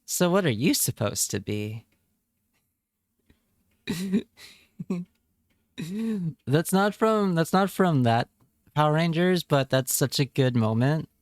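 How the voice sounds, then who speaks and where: A man's voice: on the high side, expressive, slow pace, pauses often, no room sound, clean studio sound. A man chatting casually on a live stream, reading chat aloud and joking around. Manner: playful, jokey, reads chat aloud.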